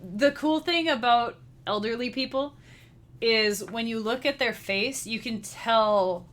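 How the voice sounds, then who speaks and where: Slow and a little high, her voice has a fairly bright tone as she talks to her live-stream chat. The speaker, a chiptune musician and livestreamer, is bubbly and giggly and addresses viewers directly.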